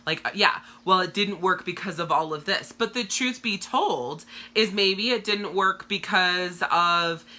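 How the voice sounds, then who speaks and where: A woman's voice: fairly low pitch, a little slow, few pauses, bright, forceful tone. A woman coach talking bluntly and profanely in a casual live-stream monologue to her viewers. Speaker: direct sales coach.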